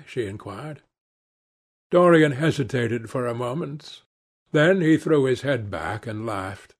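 A man narrating a classic novel aloud in a measured, restrained reading. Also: mid-range voice, animated. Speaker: audiobook narrator.

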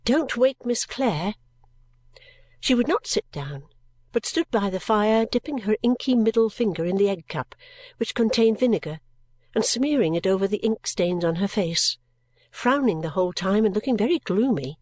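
Gentle woman reading a classic novel. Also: medium pitch, lively intonation, no echo. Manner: gentle, measured storytelling. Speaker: audiobook narrator.

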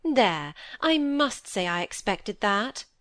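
A woman's voice: very animated, normal speed, fairly bright tone, dry recording. A woman reading aloud, voicing a fussy, effusive middle-aged stepmother in a storybook. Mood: gushing. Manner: effusive, affected, high-strung.

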